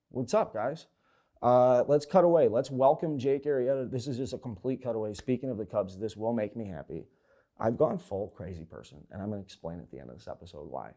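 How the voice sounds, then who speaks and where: A man's voice: mid-range voice, expressive, fairly quick, warm tone. A man hosting a sports talk show, ranting with heavy swearing, short of breath. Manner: profane, heated ranting. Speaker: host.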